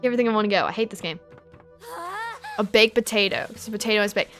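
A medium-pitched woman talks fast while streaming a game, with faint music playing behind her. She chats casually with viewers, reading and answering chat, and stays giggly and animated, laughing often.

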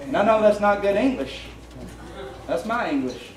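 A man's voice: high-pitched, expressive, normal speed. A man with a Southern US accent preaching a plainspoken, folksy, conversational sermon as pastor. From Tennessee. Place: church sanctuary. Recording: roomy church sound from a distant mic, faint hum.

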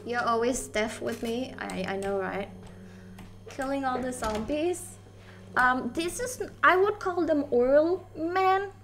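Excitable woman game streamer, high voice, unhurried delivery, giggly live commentary. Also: soft background music. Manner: excitable, giggly, yelps when startled. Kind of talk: live gameplay commentary, chatting with viewers.

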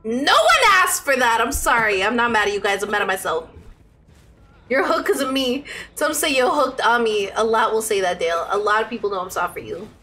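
A young adult woman streaming a game live, chatting excitably with her viewers and squealing as she plays. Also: a little high, a little fast, slight background noise. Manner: excitable, squealing, talks to chat. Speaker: Twitch streamer.

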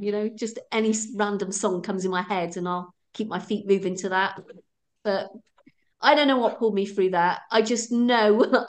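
Chatty woman telling race stories. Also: medium pitch. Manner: chatty, laughs often, acts out her own thoughts. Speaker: ultra runner guest. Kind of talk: casual storytelling interview.

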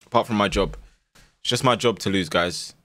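A young man streaming a football management game, shouting at his players and then dropping to low mutters. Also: moderate pace, no room sound. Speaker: gaming streamer. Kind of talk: live game commentary.

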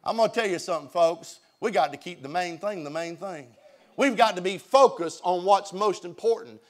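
Pastor, man, high-pitched, emphatic preaching, repeats himself. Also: moderate pace. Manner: emphatic, repeats words and phrases. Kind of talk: sermon. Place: church sanctuary.

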